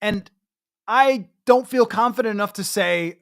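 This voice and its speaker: A man's voice: sits high, measured pace, smooth. A man hosting a solo sports podcast, giving chatty, emphatic commentary with self-mocking asides. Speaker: podcast host.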